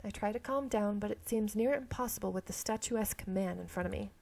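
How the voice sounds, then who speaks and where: A woman reading a romance game's narration aloud, with a touch of vocal fry in a mid-range voice. She stumbles on words and corrects herself with casual asides. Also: medium pitch, a little fast, a little mellow. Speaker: game streamer reading aloud.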